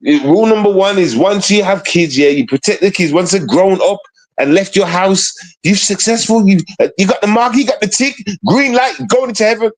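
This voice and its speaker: A man's voice: high voice, fairly quick, poor audio. A man hosting a livestream, talking in a rambling, heated way, swearing and repeating himself. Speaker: livestream host.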